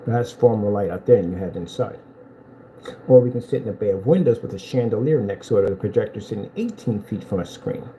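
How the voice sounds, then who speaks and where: A man selling projector screens in a boastful, taunting vlog rant, telling animated stories with big swings in pitch. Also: fairly quick, a little hiss or hum, low-quality recording. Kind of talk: ranting promotional vlog.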